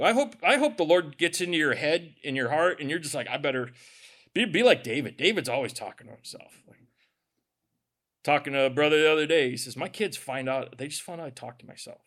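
Male pastor, conversational sermon, animated, voice pitched high. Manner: animated, conversational preaching with asides and acted quotes.

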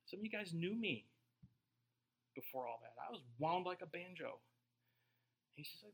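A man preaching a sermon as a pastor, joking and talking to the congregation in a casual, animated way. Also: a little high, a little fast.

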